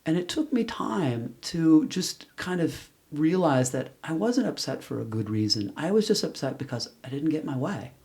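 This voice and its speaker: A man's voice: on the high side, sing-song, moderate pace, hardly any pauses, a little mellow. A middle-aged man, an interview guest, telling a personal story in a candid, rambling way with many restarts and fillers. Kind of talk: casual conversational storytelling.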